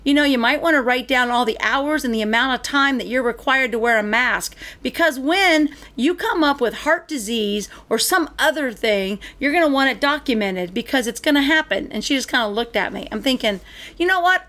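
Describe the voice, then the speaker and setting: A woman's voice: high-pitched, fairly quick, few pauses, a bit bright. A middle-aged woman in casual chat, ranting animatedly as she tells a story and acts out both sides of the exchanges.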